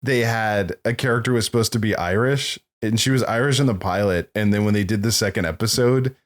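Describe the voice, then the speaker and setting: A man's voice: lowish voice, brisk. A man co-hosting a podcast, chatting casually and rambling through stories about films, laughing often. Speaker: podcast co-host.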